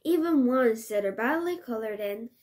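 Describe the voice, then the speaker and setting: A woman's voice: on the high side, animated, moderate pace, darkish tone, lightly acted. A woman voicing a gallant, courtly young knight in a children's storybook. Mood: tender.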